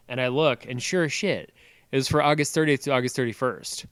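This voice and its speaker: Young guy cussing thru a story on a podcast, bright crisp voice, dry sound. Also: mid-range voice, a little fast, no room sound. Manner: profane, animated storytelling that swings into loud yelling. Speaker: podcast co-host. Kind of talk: casual storytelling chat.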